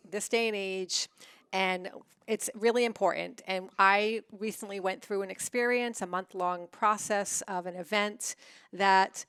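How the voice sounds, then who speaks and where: A woman's voice: medium pitch, a bit bright, clear, resonant tone, no echo, studio quality. A woman co-hosting an instructional talk show, enthusiastic and sing-song. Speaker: co-host.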